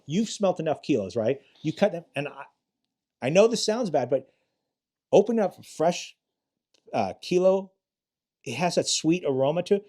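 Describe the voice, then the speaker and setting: Mellow-voiced older man telling cop stories. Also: fairly high pitch, lively intonation, moderate pace, long pauses. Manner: profane, rambling, many restarts. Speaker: retired police detective, guest. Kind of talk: casual storytelling interview.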